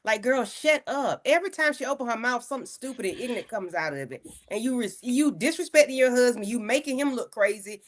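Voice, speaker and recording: A woman's voice: a little high, fast talker, hardly any pauses. A woman hosting a casual livestream panel recapping a reality show, talking bluntly with lots of swearing. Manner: blunt, animated, profane.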